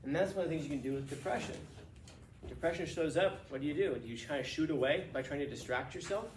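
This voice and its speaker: A man's voice: on the high side, quick pace, a little hiss or hum. Casual storytelling male teacher in echoey room. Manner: casual, animated storytelling with restarts and laughs. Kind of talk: classroom storytelling lecture. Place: classroom.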